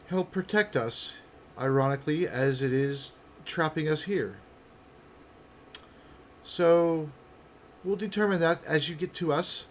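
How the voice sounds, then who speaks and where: A man's voice: a little high, slight background noise, pitched above the performer's own voice. A man doing a wary woman calling down. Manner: suspicious, commanding.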